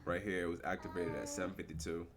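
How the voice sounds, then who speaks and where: A young man giving casual live commentary on his forex trades, slangy and relaxed, asking and answering his own questions. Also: deep voice, fast talker, very noisy.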